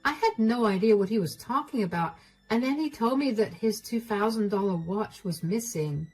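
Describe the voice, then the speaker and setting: A woman's voice: medium pitch, lively intonation, normal speed, darkish tone, husky. A young woman narrating a first-person story in an earnest, confiding manner. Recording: faint music underneath.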